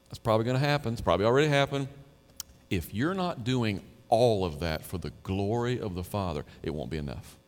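Male pastor, emphatic conversational sermon, mid-pitched, long hall reverb. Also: expressive, normal speed. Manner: emphatic, conversational preaching, swings to quiet and low.

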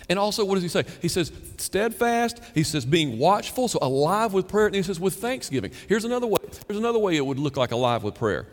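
Animated preacher in an echoing hall. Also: male voice, a little high, moderate pace. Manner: animated, acts out quoted prayers and chatter. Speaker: pastor. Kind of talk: sermon. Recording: long reverb of a church hall.

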